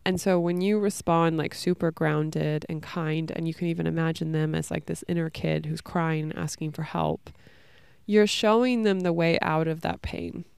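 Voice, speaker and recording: A woman's voice: low-pitched, steady tone, normal speed, gravelly, a little mellow, smooth, dry recording. A young woman hosting a solo podcast, talking in a casual, reflective way with many fillers. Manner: casual, frequent "like" and "you know". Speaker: podcast host.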